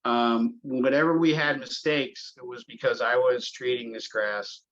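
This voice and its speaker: A man's voice: mid-range voice, steady tone, a little slow, fairly bright tone, highs cut off. A middle-aged man, a golf course superintendent, telling long stories in a casual podcast interview, with lots of fillers and restarts. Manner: rambling storyteller, many fillers and restarts.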